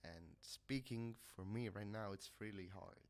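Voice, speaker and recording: Hesitant Italian-accented man, slow and low. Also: darkish tone. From Italy. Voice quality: nasal. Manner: hesitant, searching for English words, many fillers. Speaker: livestreamer. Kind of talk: casual chat. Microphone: headset.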